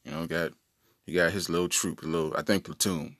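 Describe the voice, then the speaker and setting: A man's voice: low voice, big pitch swings, a little fast, gravelly, fairly bright tone, no echo, studio quality. A man hosting his own podcast, telling joking stories in a playful, casual way. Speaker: podcast host. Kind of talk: casual comedic monologue.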